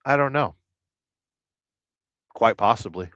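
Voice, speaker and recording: A man hosting a livestream, chatting casually and reading viewer comments with rambling, deadpan jokes. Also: mid-range voice, takes it slowly, no room sound. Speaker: livestream host. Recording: dull lo-fi dry sound.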